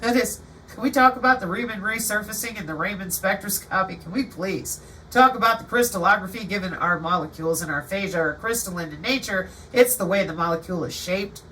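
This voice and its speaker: A woman hosting her channel in an animated, sarcastic livestream monologue. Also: mid-range voice, a little fast, recorded from a distance, a little hiss or hum, rough recording. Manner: animated, sarcastic, acts out quotes. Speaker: channel host.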